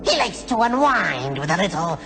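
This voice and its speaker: An actor playing a cackling, gleeful male crypt-dwelling ghoul who hosts a horror show with drawn-out, punning lines. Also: high-pitched, very animated, full character voice. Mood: gleeful mocking. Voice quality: gravelly, cackling. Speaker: horror anthology host. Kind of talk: campy horror-show hosting. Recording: noisy clip with long reverb.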